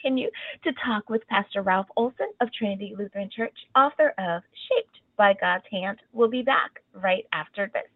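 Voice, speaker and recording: A woman hosts an interview show and reads her breaks and promos in a steady, measured way. Her voice is squeezed into a tinny phone band and sounds dry, with no room around it. Her pitch is middle for a woman. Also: no room sound. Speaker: talk show host.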